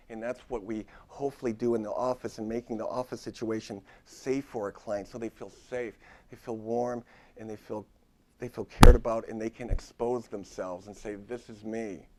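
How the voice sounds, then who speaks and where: A man's voice: lowish voice, fairly even intonation, normal speed, darkish tone. A middle-aged man, a therapist giving a live lecture to other therapists, talking straight to the audience with emphatic repetition. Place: lecture room at a university.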